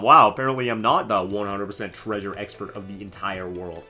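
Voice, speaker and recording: A man's voice: low-pitched, a little fast, few pauses, bright, forceful tone, soft background music. A young man giving casual, joking live commentary on a video game in a goofy, slangy way. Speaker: gaming streamer.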